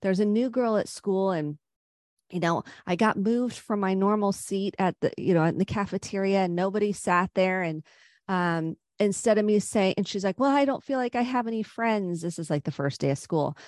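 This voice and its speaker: A middle-aged woman psychotherapist, a podcast guest, gives earnest, gentle advice on parenting and anxiety. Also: medium pitch, moderate pace, no room sound, clean studio sound. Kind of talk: podcast interview.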